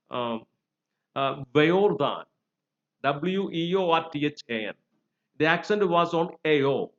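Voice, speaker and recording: A man teaching a recorded lesson, hesitant with frequent fillers and restarts. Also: on the high side. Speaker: English teacher. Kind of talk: recorded lecture. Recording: dull lo-fi recording.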